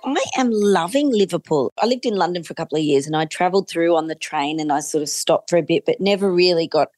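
A woman's voice: fairly low pitch, fast, darkish tone, no echo. An Australian woman, a music commentator, answering interview questions in an enthusiastic, chatty way. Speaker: Eurovision commentator.

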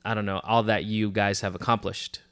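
A man's voice: lowish voice, little pitch movement, a little fast, a bit bright, clean tone, no room sound. A man in his thirties from Southern California, chatting as a podcast guest in an upbeat, rambling way. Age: 30s. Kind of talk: casual chat.

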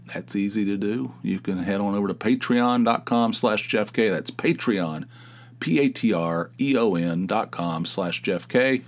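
A man's voice: on the low side, normal speed, darkish tone. A man in his fifties hosting his own podcast, talking alone in a rambling, jokey way and often correcting himself. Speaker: podcast host. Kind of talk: casual solo podcast monologue.

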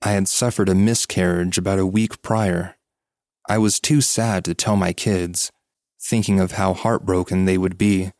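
A man hosting a podcast, calmly reading a listener's story aloud as scripted narration. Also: low voice, no room sound, studio quality. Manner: calm, measured storytelling.

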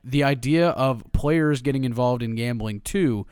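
A man's voice: mid-range voice, measured pace, darkish tone, clear, resonant tone, dry recording, studio quality. A man co-hosting a casual sports podcast, chatty and opinionated as he breaks down draft prospects. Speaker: podcast co-host, draft analyst.

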